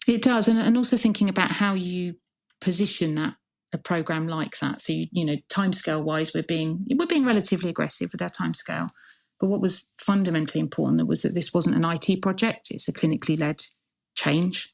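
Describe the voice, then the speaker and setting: With a creaky, fairly low voice and a brisk pace, the woman, a hospital CIO, works through interview questions in an earnest, reflective manner, stacking her ideas into lists.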